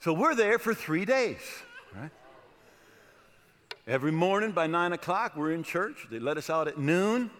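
A middle-aged American man preaching, telling a personal story in an animated way and often checking in with "right?". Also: a little high, measured pace. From United States. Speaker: pastor. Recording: long hall reverb.

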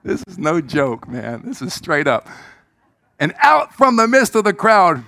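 A middle-aged man preaching a sermon in church, telling a personal story with big swings from shouts to hushed asides, his throat a little squeaky. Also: expressive, moderate pace. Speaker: pastor.

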